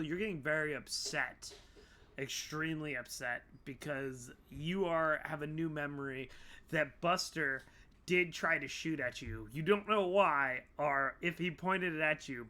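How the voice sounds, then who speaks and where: A man narrating a tabletop game as game master, in animated, drawn-out storytelling. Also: fairly high pitch.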